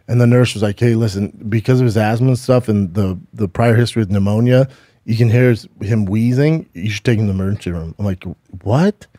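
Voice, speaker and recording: A man's voice: fairly low pitch, dark tone, no room sound. Middle-aged man, podcast co-host, rambling profane storytelling, dry close sound. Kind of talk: casual chat.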